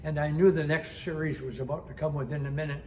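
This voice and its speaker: A man's voice: fairly high pitch, steady tone, fast talker, a little mellow, a little hiss or hum. A man in his nineties, a retired master chief, telling a sea rescue story in a vivid, dramatic way, repeating phrases and imitating sounds. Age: 90s. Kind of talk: personal storytelling.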